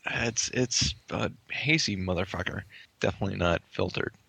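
A man co-hosting a podcast, chatting casually about beers he is tasting, with a relaxed, swearing manner full of restarts. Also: low-pitched, normal speed, gravelly, husky, no echo. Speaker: podcast co-host. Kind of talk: casual beer-tasting chat.

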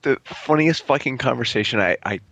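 A man co-hosting a casual podcast, telling stories in an animated, profane way. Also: medium pitch, brisk, gravelly, no room sound. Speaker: podcast co-host.

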